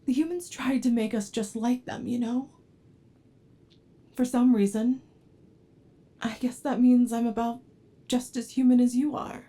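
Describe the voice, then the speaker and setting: Casting: a woman playing a clingy yandere android for whispered role-play, high and mellow, soft and pleading. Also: fairly even intonation, a little slow, long pauses, close to an everyday voice. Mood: tender, anxious. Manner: soft and pleading, flaring into anger. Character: obsessive devoted yandere android, adult, unstable temper. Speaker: ASMR role-play performer.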